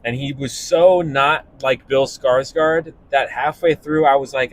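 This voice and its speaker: A young man, a stand-up comedian, talking casually and animatedly while driving, breaking into laughs and quick voices. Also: mid-range voice, a little hiss or hum. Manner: animated, laughing, jumping into impressions. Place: car.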